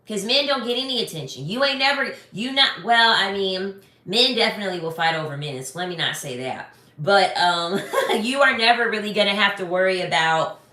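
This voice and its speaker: A young adult woman giving blunt, sassy relationship commentary, talking casually to her viewers. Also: mid-range voice. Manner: blunt, animated, sassy, swears freely. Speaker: relationship advice creator. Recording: echoey room.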